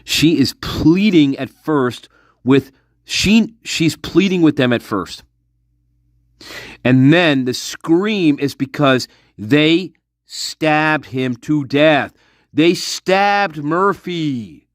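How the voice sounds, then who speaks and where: A man's voice: on the high side, slow, no echo, clean studio sound. A man talking to his viewers in a casual monologue, speculating intensely, repeating himself and swearing often. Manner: intense, repetitive, profane speculation. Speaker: online commentator.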